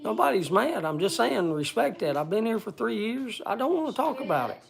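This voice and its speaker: A man speaking bluntly to a group in casual talk, halting often and restarting his sentences. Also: sits high, sing-song, gravelly. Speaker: speaker addressing a group gathering.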